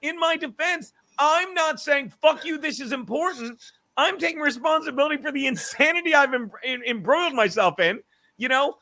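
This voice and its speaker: A middle-aged man with a high, bright, sharp voice rants through a casual comedy podcast. He argues his side in an animated way, swears freely and laughs at his own points. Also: normal speed. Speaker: podcast host.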